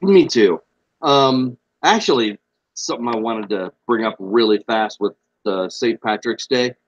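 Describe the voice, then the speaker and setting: A man's voice: mid-range voice, unhurried, dry recording. Young man, blunt casual podcast talk, dull lo-fi mic, dry sound. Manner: laid-back, blunt, swears freely. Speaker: podcast co-host. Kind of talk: casual chat.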